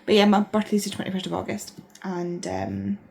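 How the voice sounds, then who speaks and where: A woman in her thirties, chatting casually and excitedly in a rambling way as a book vlogger, sounding tired. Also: medium pitch, moderate pace, gravelly. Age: 30s. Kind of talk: casual vlog chat.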